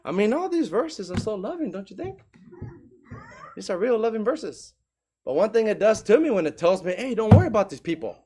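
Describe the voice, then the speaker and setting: Preacher, man, high voice, emphatic sermon delivery, rhetorical questions. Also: big pitch swings, normal speed, dark tone, breathy edge.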